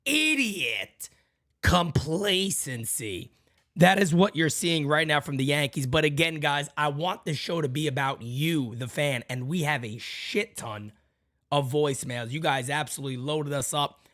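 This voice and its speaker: A man's voice: on the high side, normal speed, a bit bright, no room sound. Ranting man podcast host, dry sound. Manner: heated, blunt, profane ranting; talks straight to listeners as "guys" and "folks". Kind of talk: fan rant podcast.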